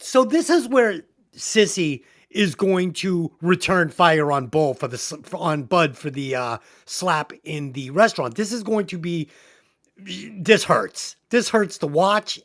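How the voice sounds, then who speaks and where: Profane, ranting woman podcast host. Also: deep voice. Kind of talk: casual comedic movie review chat.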